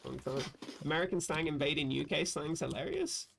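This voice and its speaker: A man's voice: a little high, a little fast, gravelly, background noise. A man from England, chatting casually and profanely on a livestream while reading chat aloud. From southern England. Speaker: livestream host.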